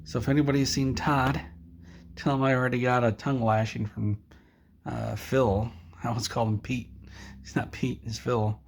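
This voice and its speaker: A man vlogger telling a rambling comic tall tale to the camera in a deadpan way, with a gravelly voice. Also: medium pitch, normal speed, slight background noise.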